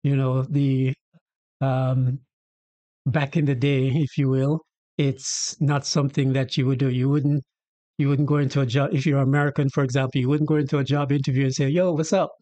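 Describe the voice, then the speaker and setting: In a dry recording, a Jamaican-accented man from Jamaica talks at medium pitch and a moderate pace. As host, he gives a chatty, laid-back explanation of his native Patois, acting out pieces of dialogue along the way.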